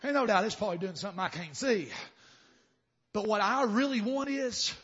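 A man preaching a sermon, swinging from soft murmurs to fervent shouting. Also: sits high, lively intonation, brisk, dull audio.

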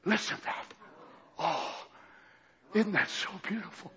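A preacher puts on the voice of God, a loving heavenly father who drops to a hushed, tender murmur. The tone stays bright and high-set. It comes through a dull, lo-fi sermon recording. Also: lively intonation, measured pace, exaggerated voice.

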